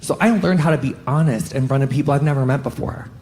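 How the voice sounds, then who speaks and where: A man doing a stand-up comedy set on stage, animated and swearing often, jumping up in pitch on punchlines. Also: fast talker. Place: stage in front of a live audience.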